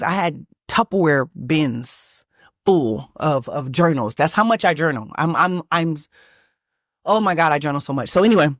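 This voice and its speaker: A woman from Texas, hosting her own channel and telling a personal story in a lively, emphatic way with many restarts. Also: deep voice, no echo, studio quality. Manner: animated, emphatic, lots of restarts and fillers. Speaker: manifestation channel host.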